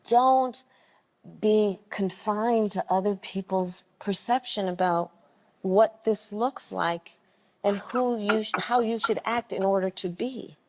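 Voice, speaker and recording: A woman's voice: medium pitch, slow, darkish tone. A woman talking in an interview, reflective and storytelling in manner. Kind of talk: interview talk.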